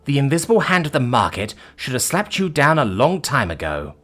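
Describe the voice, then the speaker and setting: A man's voice: mid-range voice, sing-song, brisk, a bit bright, soft background music, pitched above the performer's own voice. A man voicing a brash, sarcastic female former corporate chief who theatrically mocks her captors in an audiobook story. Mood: scornful. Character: brash witty female ex-CEO, mocking captors. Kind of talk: audiobook character voice.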